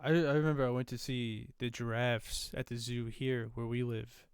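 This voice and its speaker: A man's voice: medium pitch, flat delivery, moderate pace, clear, resonant tone, dry recording, clean studio sound. A young man co-hosting a podcast in casual chat, easygoing, swearing as he tells stories. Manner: easygoing and profane storyteller. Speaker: podcast co-host.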